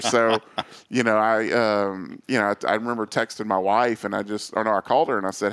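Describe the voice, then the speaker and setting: A man, a guest on a talk show, telling lively stories with many quoted voices and fillers. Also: on the low side, fast talker, clean tone. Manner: animated storyteller, acts out quoted voices. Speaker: associate athletic director, guest. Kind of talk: casual storytelling interview.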